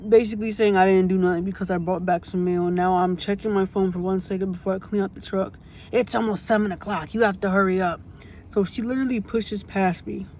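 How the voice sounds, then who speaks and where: Storytime vlogger, mid-range pitch, fired up and repetitive, cursing casually, light background hiss. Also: darkish tone. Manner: blunt and indignant, swears freely; repeats points for emphasis.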